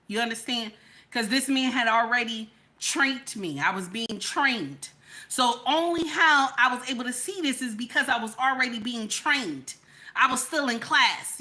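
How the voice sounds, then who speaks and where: A woman's voice: fairly high pitch, bright, forceful tone. A woman telling a personal story as relationship advice, emphatic and constantly checking in with her listeners. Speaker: vlogger giving relationship advice.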